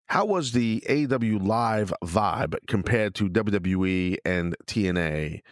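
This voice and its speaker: A man's voice: lowish voice, animated, measured pace, no room sound, clean studio sound. Blunt, foul-mouthed man on a podcast. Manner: blunt, profane and rambling. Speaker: podcast host. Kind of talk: casual podcast talk answering listener questions.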